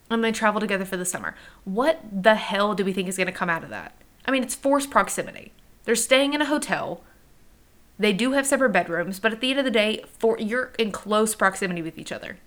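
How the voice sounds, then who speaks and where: A woman's voice: medium pitch, a bit bright. A young woman hosting a casual book-review podcast from home, candid and chatty, swearing freely and talking straight to her listeners. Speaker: podcast host. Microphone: home recording by a front window.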